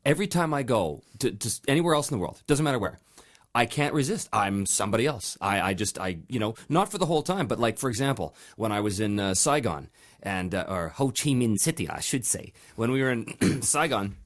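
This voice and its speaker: Male podcast host, animated storyteller, very wide pitch range. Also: brisk. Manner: animated storyteller, laughs often, slips into accents. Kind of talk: casual interview chat.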